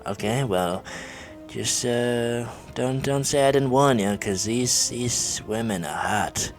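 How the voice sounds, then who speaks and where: A man voicing a crude, smug teenage friend in a comedy skit, lecturing in a cocky, lewd, drawn-out way. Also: medium pitch, soft background music, natural voice.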